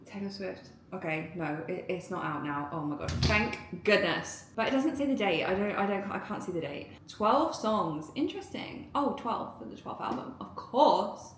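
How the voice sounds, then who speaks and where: Excitable girl rambling to her camera at home, giggly, lotta "like"s, echoey room. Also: mid-range voice, normal speed, hardly any pauses, a little hiss or hum. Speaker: vlogger. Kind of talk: casual vlog chat to camera. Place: indoors at home, getting ready.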